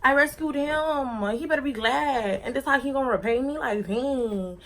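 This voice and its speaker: A woman's voice: high voice, normal speed, a bit bright. A young woman vlogger telling a personal story in a casual, dramatic, slangy way.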